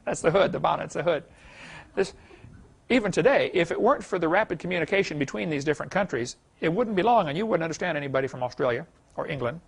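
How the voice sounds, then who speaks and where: Middle-aged guy giving a folksy seminar talk, gravelly and a bit husky, pitched a little high. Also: animated, fast. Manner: folksy, chuckles at own stories. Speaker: creation seminar speaker. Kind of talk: seminar lecture with anecdotes. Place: lecture hall.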